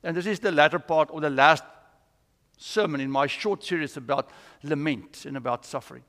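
In a church sanctuary with long reverb, a pastor preaches a sermon in a fairly bright, high-side voice at normal speed. He's earnest and tells stories as he teaches.

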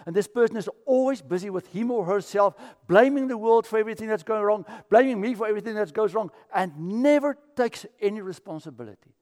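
A man's voice: sits high, fast, hardly any pauses, darkish tone, in a large hall. A man from Africa, preaching a sermon as pastor and telling stories. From South Africa. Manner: storytelling, acts out quoted voices.

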